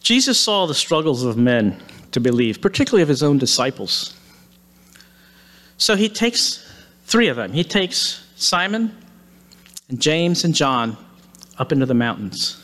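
A man's voice: fairly high pitch, a little slow, pauses often. Man retelling a story in a sermon. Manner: lively retelling, casual asides. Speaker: preacher.

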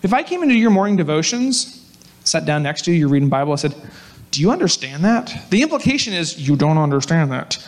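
A man with a fairly high voice gives a sermon. He tells the story in a loose, conversational, animated way and talks straight to his listeners. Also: fast talker. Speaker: pastor.

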